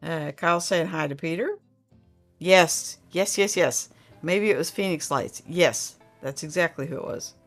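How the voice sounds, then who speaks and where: Slow-talking chatty woman. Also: lowish voice, soft background music. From Oklahoma. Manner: chatty, rambling, reads out viewer comments. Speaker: livestream host reading chat. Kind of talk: casual chat.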